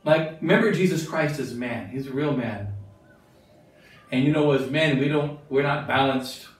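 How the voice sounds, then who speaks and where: Bishop teaching in a booming echo. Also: male voice, normal speed. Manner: asks the listeners questions, repeats phrases for emphasis. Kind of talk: catechism talk to religious sisters. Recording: very echoey room, mic far off.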